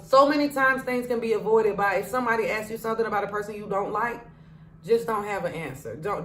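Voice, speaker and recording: A woman sits at home and recaps a reality show for her viewers in a chatty, gossipy way. She retells each scene with animated asides. Her mid-range voice rings in a noticeably echoey room. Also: medium pitch, slight background noise. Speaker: TV recap vlogger.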